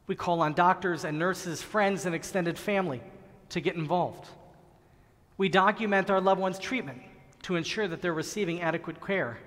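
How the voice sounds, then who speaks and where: A middle-aged man giving an earnest, measured sermon as a rabbi, with slow, emphatic pauses. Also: sits high, a bit bright. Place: large synagogue sanctuary. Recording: long reverb of a large hall.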